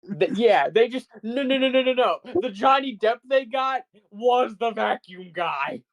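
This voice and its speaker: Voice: medium pitch, expressive, unhurried. Ranting, foul-mouthed podcast co-host. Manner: ranting, heavy swearing, incredulous. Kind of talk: casual podcast chat.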